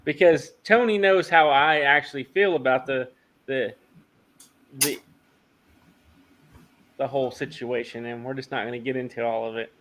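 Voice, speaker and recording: A man hosting a casual livestream chat, talking in a halting way with lots of fillers and restarts. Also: medium pitch, a bit bright. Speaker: host of a farm livestream.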